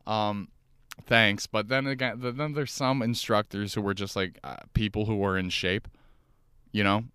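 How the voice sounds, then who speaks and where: A young man hosting his own podcast, rambling through profane, animated stories while sitting in his car. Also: lowish voice, normal speed, smooth, no room sound, clean studio sound. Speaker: podcast host and stand-up comic. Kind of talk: casual solo podcast monologue. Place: inside a car.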